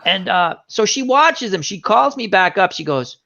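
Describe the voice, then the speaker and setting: A man hosting a casual online chat, with a fairly high voice that swoops up and down as he acts out every line of a story. The audio is dull and lo-fi, like a low-quality stream. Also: normal speed, gravelly. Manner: animated storytelling, acts out quotes. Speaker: show host.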